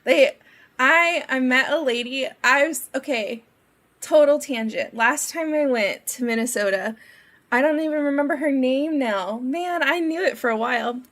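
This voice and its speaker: A woman's voice: sits high, normal speed, a bit bright. A young woman chatting casually on a game live stream, giggling often and wandering off on tangents.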